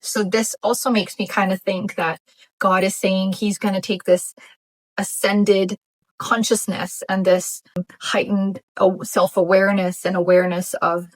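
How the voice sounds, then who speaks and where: A woman vlogger with a mid-range voice speaks a little slowly and with flat delivery, in a rough recording without echo. In casual commentary she reflects on her Bible reading, thoughtful and musing, thinking aloud with frequent fillers and restarts.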